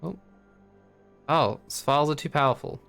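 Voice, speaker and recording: A man's voice: a little high, moderate pace, gravelly, a bit bright, soft background music. A man narrating as game master for a tabletop game in a casual, rambling way with lots of fillers.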